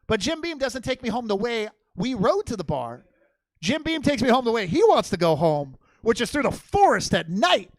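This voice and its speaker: A man's voice: extremely high pitch, very animated, moderate pace, dry recording. A man telling a rambling, profane story as a stand-up comedian on a comedy theater stage.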